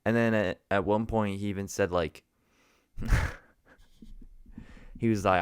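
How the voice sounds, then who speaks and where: A man's voice: on the low side, steady tone, measured pace, long pauses, smooth, no echo, studio quality. A young man from New Jersey, rambling through a jokey story in a casual vlog, often restarting his sentences. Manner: rambling, jokey, self-interrupting. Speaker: vlogger.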